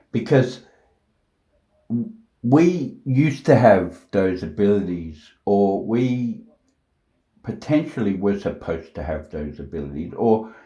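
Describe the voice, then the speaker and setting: A man talking slowly to camera at home, thinking aloud with many fillers and restarts, blunt and sometimes profane. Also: sits low, mellow, echoey room. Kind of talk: unscripted monologue to camera.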